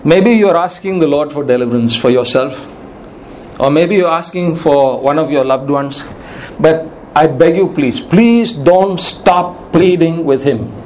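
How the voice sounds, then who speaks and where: A man's voice: a little high, a little slow, a little mellow, slight background noise. A male preacher giving a sermon in an earnest, pleading manner, repeating key phrases for emphasis.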